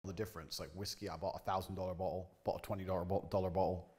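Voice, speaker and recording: A man with a low, darkish voice races through a boastful, profane monologue to camera in a level tone. Brash and swaggering, he's filmed talking about his lifestyle.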